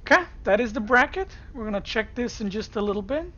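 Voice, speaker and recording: A woman's voice: a little high, lively intonation, fast talker, a bit bright, muffled recording. A woman streamer giving casual esports commentary, chatting straight to her viewers from a home streaming setup. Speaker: streamer and caster.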